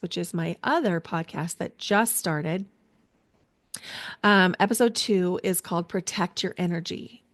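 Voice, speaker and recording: Woman, podcast host, solo episode; earnest, emotional, deliberate spiritual guidance, middle pitch. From United States. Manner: earnest, slow and deliberate with pauses; spiritual, guiding a grounding exercise.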